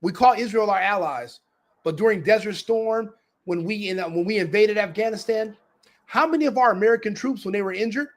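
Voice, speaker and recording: Casting note: male podcast host with a high voice, angry commentary, repetitive demanding rant. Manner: ranting, repetitive demands, swearing. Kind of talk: heated political commentary.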